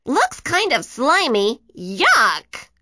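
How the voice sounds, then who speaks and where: A woman voicing Pyra, a giggly, mischievous female troublemaker in a children's storybook, with a high, squeaky delivery. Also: huge pitch swings, drawn-out words, bright, forceful tone, dry recording, clean studio sound, full character voice. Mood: disgusted. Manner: gleeful, squeaky.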